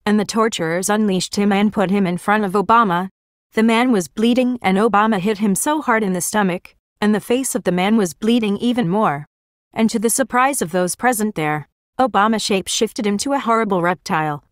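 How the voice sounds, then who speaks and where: Woman, middle pitch, earnest plain storytelling, religious vision testimony, dry close recording. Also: fairly quick, no echo.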